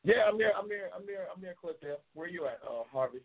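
A man's voice: sits high, lively intonation, quick pace. A man hosting a live call-in talk show, trash-talking and teasing callers with lots of cursing. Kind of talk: casual live call-in banter. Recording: tinny phone-line sound.

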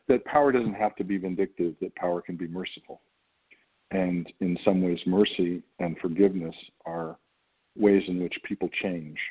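A man's voice: sits low, breathy edge. A middle-aged American man, an actor, talking thoughtfully in an interview with many fillers and restarts. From United States. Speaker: actor guest. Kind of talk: casual interview talk. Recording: tinny phone-like line.

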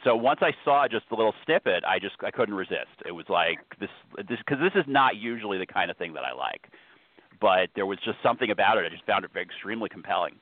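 Low-voiced man hosting over a phone line. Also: animated, fast talker, no echo. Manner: rambling, self-interrupting. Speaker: host. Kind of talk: casual podcast chat. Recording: tinny phone-line sound.

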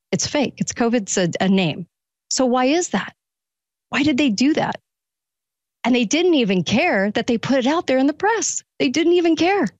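A woman's voice: mid-range voice, no echo. Woman guest host, political radio monologue, incredulous rhetorical style, dry muffled sound. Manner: rapid rhetorical questions, incredulous.

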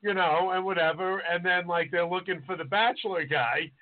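A man's voice: sits high, normal speed. A man co-hosting a casual podcast, chatty and swearing casually as he tells stories. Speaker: podcast co-host, chef. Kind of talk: casual chat. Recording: phone-like lo-fi audio.

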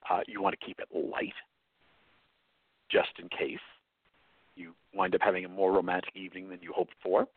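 A man's voice: low voice, flat delivery, normal speed, long pauses, slightly rough, no room sound. A man with a New York accent, a cookbook author giving blunt, matter-of-fact cooking advice as a guest on a talk show. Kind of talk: casual advice on a phone-in show. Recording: dry tinny phone line.

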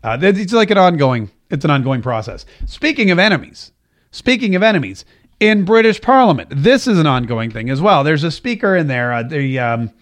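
A man's voice: a little high, sing-song, a little fast. A man hosting a political podcast and radio show, giving emphatic commentary and repeating phrases for stress. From United States.

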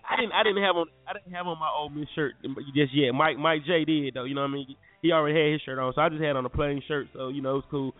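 Young guy on a podcast, kinda high voice, sounds like it's over the phone w/ faint music. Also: fast talker, few pauses, narrow, tinny audio. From North Carolina. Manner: animated, slangy, addresses listeners as y'all. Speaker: podcast host. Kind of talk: casual storytelling.

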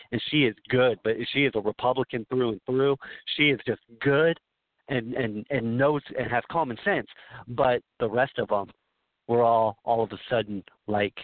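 A man from Southern California comes through a thin, tinny phone line with a dry, close sound. His voice sits at an ordinary middle pitch. He rambles and stresses his points, often restarting his sentences. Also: no room sound. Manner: rambling, emphatic storytelling with many restarts. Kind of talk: talk radio conversation.

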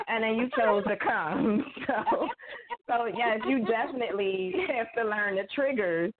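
A woman's voice: fairly high pitch, a little slow, crowd noise. A woman author chatting casually, telling stories and acting out quoted lines with laughter. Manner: animated storyteller, acts out quotes, laughs often. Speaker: guest author. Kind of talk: casual chat. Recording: tinny phone-like line.

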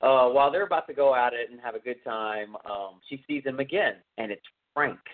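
A man's voice: medium pitch, fairly quick. A man hosting a podcast who retells a film scene in a casual, rambling, enthusiastic way, with many fillers. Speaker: podcast host. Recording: tinny phone-like sound.

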